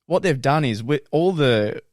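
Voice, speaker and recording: Young man, podcast co-host, casual chat, laughs a lot, very animated, dry close mic. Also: fairly high pitch, unhurried, dry recording. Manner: laughs often, storytelling.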